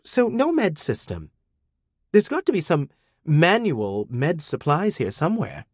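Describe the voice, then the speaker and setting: A man's voice: a little high, wildly swooping pitch, measured pace, a little mellow, breathy edge, no room sound, clean studio sound, pitched above the performer's own voice, exaggerated voice. A man voicing a bold, stubborn teenage girl in an audiobook, with insistent outbursts.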